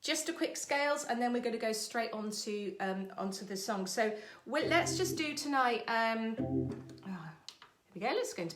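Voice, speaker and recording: A woman vocal coach leading an online singing lesson, giving breathing and warm-up instructions in a chatty, encouraging way. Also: fairly high pitch. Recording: echoey room with faint music.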